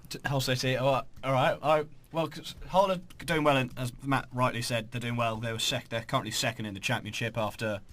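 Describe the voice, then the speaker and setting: A man's voice: medium pitch, fairly even intonation, a little fast, few pauses, a bit bright. A man chatting about football on a podcast, with dry, teasing remarks. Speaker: podcast co-host. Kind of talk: casual football chat.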